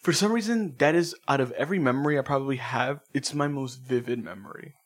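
A man's voice: mid-range voice, quick pace. A man co-hosting a casual chat, telling rambling stories with swearing and frequent laughter.

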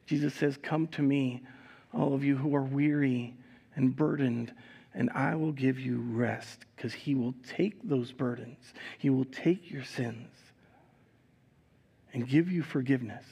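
A male pastor giving a communion sermon in a live church service, reading scripture expressively and adding relaxed, conversational asides. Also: mid-range voice, measured pace, gravelly, husky. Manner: reads scripture expressively, raising voice for quoted speakers.

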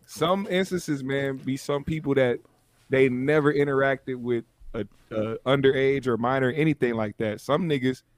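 A man's voice: medium pitch, no room sound. Level-voiced man on a dry mic. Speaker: podcast co-host. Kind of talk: casual podcast chat.

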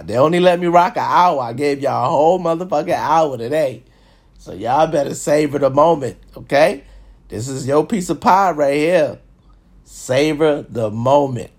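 A man hosting an hour-long live show, delivering a brash, profane, swaggering monologue that repeats phrases and swings between loud and hushed. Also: a little high, breathy edge. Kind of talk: casual boastful monologue.

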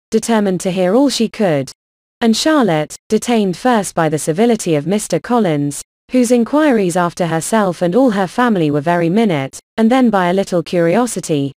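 A woman narrating a classic novel as an audiobook, in an even, measured reading. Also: mid-range voice, no room sound, clean studio sound.

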